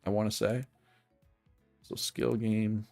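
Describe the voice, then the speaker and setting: Deep-voiced chatty male game streamer. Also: level tone, slow, creaky, warm tone, faint music behind. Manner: chatty, thinks aloud, frequent fillers and restarts. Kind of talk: casual gameplay commentary.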